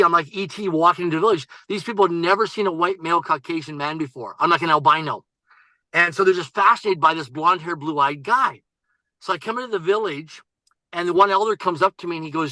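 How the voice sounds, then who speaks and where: High-pitched, bright-voiced energetic male guest. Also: dry recording, low-quality recording. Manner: high-energy, emphatic, repeats key phrases. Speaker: podcast guest, coach. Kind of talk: energetic storytelling.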